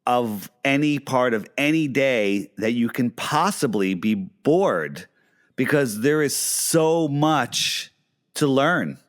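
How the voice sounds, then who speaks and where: A man's voice: mid-range voice, animated, slow. Enthusiastic middle-aged man telling stories. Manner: enthusiastic storyteller, acts out quoted dialogue; frequent fillers and restarts. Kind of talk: casual conversation.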